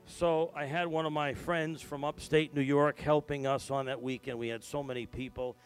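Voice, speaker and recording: Pastor man preaching, hushed to loud. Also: on the high side, flat delivery, normal speed, clear, resonant tone, faint music behind. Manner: storytelling, swings from hushed to loud and emphatic. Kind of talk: sermon.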